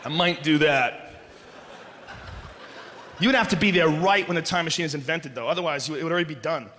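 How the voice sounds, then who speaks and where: A man doing a profane, animated stand-up comedy set, often shouting and acting out voices on a large live stage. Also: a little high, fairly quick, slight background noise. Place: large live venue with audience. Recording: live stage recording with long hall reverb.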